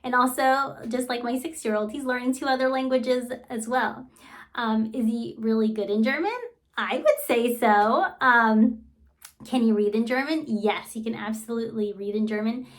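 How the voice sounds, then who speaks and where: Woman, 30s, casual vlogger, slightly high voice, enthusiastic and chatty. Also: normal speed. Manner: enthusiastic, fond storytelling with many fillers. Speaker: vlogger and homeschooling mother. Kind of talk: casual vlog talk.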